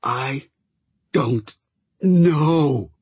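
A man voicing a croaking, wheezy male captive who speaks in clipped broken phrases. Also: fairly high pitch, drawn-out words, darkish tone, no echo, voice pushed up, full character voice. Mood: strained. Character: gruff gravel-throated male captive, terse.

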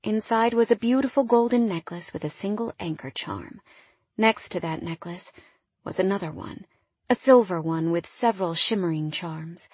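A woman narrating a first-person romance audiobook in an intimate, wistful way that often drops quiet. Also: fairly low pitch, moderate pace, husky, dry recording.

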